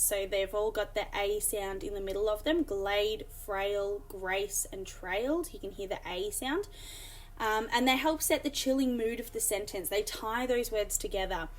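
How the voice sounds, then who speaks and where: Woman teaching a lesson on sound patterns. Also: medium pitch. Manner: explanatory, many fillers, reads examples aloud. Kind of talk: recorded classroom lesson.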